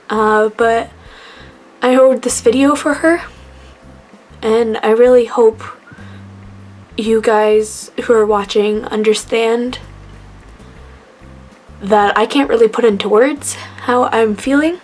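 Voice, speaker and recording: Young woman, slightly high voice, emotional and rambling, soft music under. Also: steady tone, takes it slowly, long pauses. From Canada. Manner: rambling, laughing through sadness, many fillers. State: emotional, near tears. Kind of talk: tearful tribute vlog.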